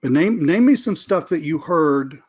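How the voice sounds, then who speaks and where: A man's voice: on the high side, lively intonation, a little slow, darkish tone, breathy edge, dull audio. Casual sales trainer, man. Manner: casual, conversational, acts out phone calls. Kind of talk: live webinar teaching with role-play calls.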